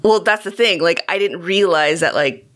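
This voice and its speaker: A woman chatting casually as a co-host, her voice sitting a little low. She talks in a relaxed, slangy way and laughs easily between her stories. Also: normal speed. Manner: laid-back, slangy, laughs often. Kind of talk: casual chat.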